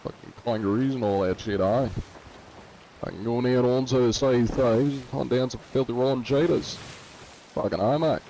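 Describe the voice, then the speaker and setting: A man's voice: mid-range voice, normal speed, a little hiss or hum, close to an everyday voice. A man voicing a rowdy, foul-mouthed Australian bloke with a mock Australian accent who swears constantly. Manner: swears constantly, loud and laddish.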